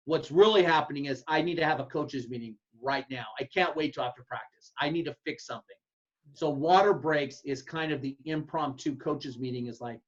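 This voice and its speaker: Blunt folksy coach, dull lo-fi sound. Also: male voice, fairly high pitch, brisk. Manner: blunt, folksy, acts out his own yelled calls. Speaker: head football coach. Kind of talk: casual advice talk to coaches.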